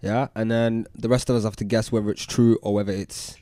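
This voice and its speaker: A man talking fast in teasing podcast banter, full of slang. The sound is dry and close to the mic. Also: fairly low pitch, level tone, mellow, no echo. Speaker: podcast co-host. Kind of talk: casual chat.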